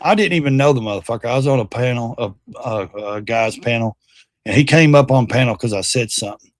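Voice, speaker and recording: A man's voice: medium pitch, fairly quick, no echo, studio quality. A man hosting a livestream, giving heated political commentary in a blunt, profane rant. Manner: mocks by quoting others in put-on voices. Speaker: livestream host.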